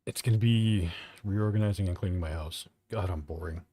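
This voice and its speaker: A man's voice: deep voice, brisk, warm tone, husky. A young man streaming from home, chatting casually, swearing freely and poking fun at himself. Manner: profane, offhand, self-mocking. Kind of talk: casual live-stream chat.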